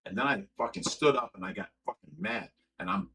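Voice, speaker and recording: Gravelly, aggrieved middle-aged man ranting. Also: medium pitch, big pitch swings, a little fast, few pauses, very noisy. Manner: repeats words when stumbling. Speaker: livestream host. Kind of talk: livestream chat, reading viewer comments aloud.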